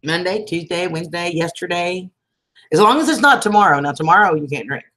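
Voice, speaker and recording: A woman's voice: on the low side, fairly quick, a bit bright. A woman, hosting a casual livestream and chatting affectionately with viewers, calling them sweetheart and hon. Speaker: livestream host.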